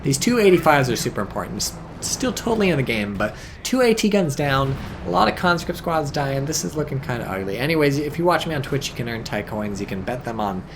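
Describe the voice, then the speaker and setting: A man giving casual, rambling game commentary full of swearing, tired and a bit drunk, with sudden bursts of excitement. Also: medium pitch, fairly quick, few pauses, noisy background.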